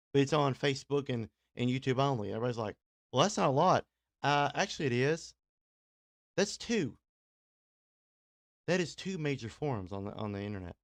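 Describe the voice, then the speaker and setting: A man's voice: mid-range voice, no echo. Chatty rambling Kentucky man. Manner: chatty, self-deprecating, laughs often, many fillers. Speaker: radio host and DJ. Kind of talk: rambling casual livestream talk. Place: small home studio.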